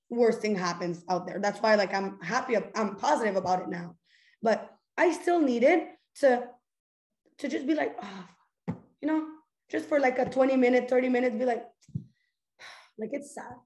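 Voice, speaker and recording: A woman's voice: fairly high pitch, a little mellow. A young woman hosting a casual motivational talk, goofy and earnest, talking in a loose stream full of "like" and restarts. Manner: goofy, chatty, earnest, fillers like "like". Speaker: host. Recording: echoey room.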